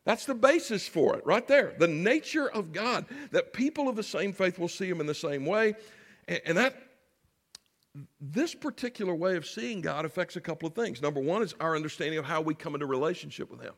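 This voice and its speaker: Male pastor, sermon, high voice, emphatic, addresses congregation, long hall reverb. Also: expressive, fairly quick.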